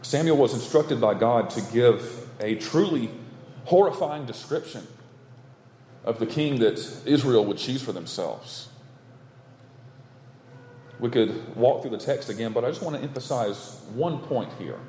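A man preaching a sermon from the pulpit, stressing his points through steady repetition. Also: mid-range voice, unhurried, long pauses, slight background noise. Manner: emphatic, repetitive preaching cadence. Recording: echoey hall with long reverb.

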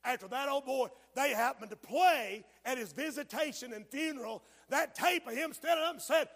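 A man preaching a fiery sermon, dropping to a hush and then rising to shouts. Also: very high voice, moderate pace, few pauses, slightly rough, big-room sound. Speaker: pastor. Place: church sanctuary.

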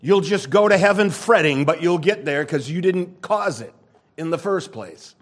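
An older man preaching a sermon, earnest and emphatic, rising to urgent exhortation and dropping to quiet asides. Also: fairly high pitch, expressive, moderate pace. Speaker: pastor.

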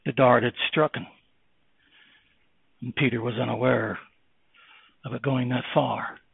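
A man preaching a sermon, moving from slow, hushed words to loud, fervent exhortation. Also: medium pitch, fairly even intonation, vocal fry, slightly rough, dry recording. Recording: tinny phone-like, dry.

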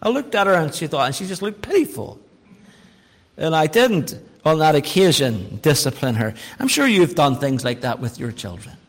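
A middle-aged man preaching a sermon in a folksy, humorous way, dropping to quiet asides and rising to emphatic calls. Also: a little high, big pitch swings, normal speed. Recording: long reverb of a large hall.

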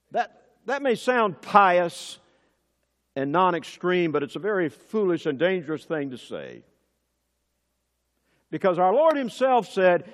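A man preaching a sermon as pastor, building to emphatic, forceful peaks and dropping back to quiet asides. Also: big pitch swings, normal speed, long pauses. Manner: emphatic preaching with sudden rises in pitch and force. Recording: long hall reverb.

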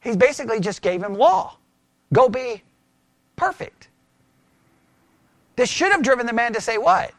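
High-voiced animated man teaching scripture. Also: quick pace, few pauses, no room sound. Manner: animated, asks many rhetorical questions. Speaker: pastor teaching. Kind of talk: conversational Bible teaching.

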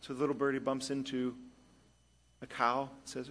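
A man preaching a sermon as pastor, moving between hushed storytelling and emphatic points. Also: mid-range voice, level tone, moderate pace, pauses often.

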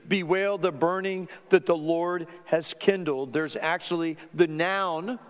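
A man preaching an expository sermon as pastor, teaching at a measured pace with his voice falling at the end of phrases. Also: on the high side, long reverb tail.

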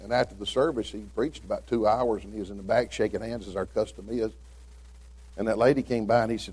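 Folksy Tennessee preacher telling jokes. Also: male voice, fairly low pitch, fairly even intonation, brisk, darkish tone, breathy edge. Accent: Southern American, Tennessee. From Middle Tennessee. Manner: folksy storytelling, acts out quoted voices. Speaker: visiting preacher. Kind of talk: sermon with humorous stories.

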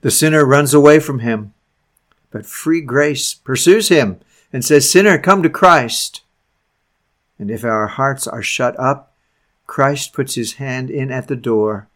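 Man, sermon reader, impassioned, loud stresses and hushed drops, mid-pitched. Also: measured pace. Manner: impassioned, swings between loud emphasis and hushed tones. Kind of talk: dramatic sermon reading.

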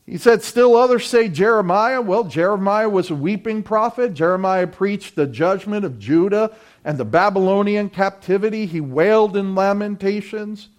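A man preaches a sermon in a high, ringing voice. He leans hard on key phrases and draws them out. The congregation answers him throughout. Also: moderate pace. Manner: emphatic preaching with call-and-response. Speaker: pastor.

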